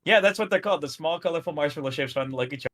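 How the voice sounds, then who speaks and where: A man's voice: fairly high pitch, rapid-fire, fairly bright tone. A man co-hosting a reaction video over a call, chatting casually and laughing easily. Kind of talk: casual chat.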